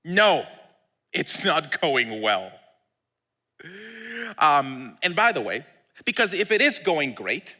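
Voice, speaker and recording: A male pastor preaching a sermon in an animated, fervent way, often laughing at his own points. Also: sits high, big-room sound. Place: church.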